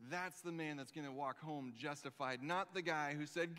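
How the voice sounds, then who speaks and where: A man in his thirties preaching a sermon, telling stories with lively, dramatic pauses. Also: a little high. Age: 30s. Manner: animated storytelling, reads scripture aloud with dramatic pauses. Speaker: pastor. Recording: long reverb of a large hall.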